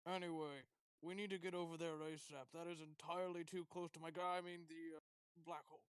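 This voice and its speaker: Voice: medium pitch, flat delivery, fairly quick, clear, resonant tone, dry recording. A player in a tabletop game, speaking eagerly and stammering often. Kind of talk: casual tabletop play.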